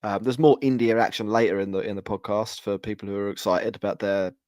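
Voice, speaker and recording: A man's voice: lowish voice, fairly even intonation, quick pace, a little mellow, no echo, clean studio sound. A man hosting a podcast in casual chat, joking and laid-back, with plenty of fillers. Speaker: podcast host.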